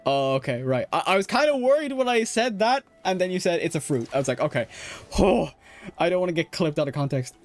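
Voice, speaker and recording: A man's voice: high-pitched, expressive, a little fast, faint music behind. A young man with an Irish accent chatting casually while streaming a game, rambling with lots of fillers, restarts and laughs. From Ireland. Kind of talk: casual chat while gaming.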